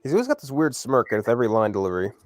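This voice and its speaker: Male co-host, animated, deadpan film-trivia guy. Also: medium pitch, very fast, no echo, soft background music. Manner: film trivia, dry sarcastic remarks. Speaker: stream co-host. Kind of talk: casual chat.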